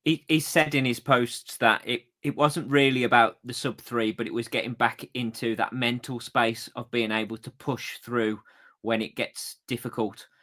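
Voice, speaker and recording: A man co-hosts a casual podcast, asking questions and praising others. His voice is bright and forward, at an ordinary middle pitch. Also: steady tone, normal speed. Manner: supportive, asks questions, laughs along. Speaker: podcast co-host. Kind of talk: casual chat.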